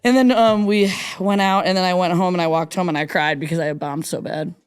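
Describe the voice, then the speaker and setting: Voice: medium pitch, steady tone, brisk, clear, resonant tone, no echo, clean studio sound. A comedian guest on a podcast, telling stories in a playful, casual way and acting out quoted voices.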